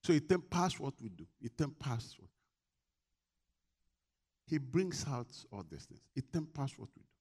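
A middle-aged male pastor preaching a sermon, leading the congregation in call-and-response and swinging between soft, low asides and loud exhortations. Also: big pitch swings, a little slow, long pauses, slightly rough.

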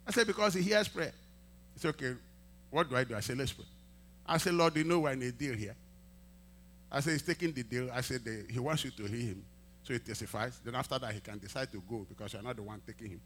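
A male pastor delivering a sermon in a fairly high voice. He tells stories and acts out both sides of the dialogue. He drops to near-murmurs and then climbs to loud, emphatic peaks. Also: fast talker, pauses often, breathy edge. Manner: animated preaching, swinging from quiet asides to loud emphatic peaks; acts out quoted dialogue in storytelling. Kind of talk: sermon with testimony storytelling.

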